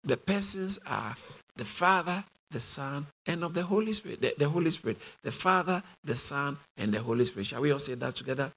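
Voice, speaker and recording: A British man preaches a sermon in a slightly raised, husky voice. He teaches emphatically, repeating key phrases and calling questions out to the congregation. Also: fairly high pitch, animated, brisk, fairly bright tone. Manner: emphatic, repetitive teaching with call-and-response. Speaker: Bible teacher.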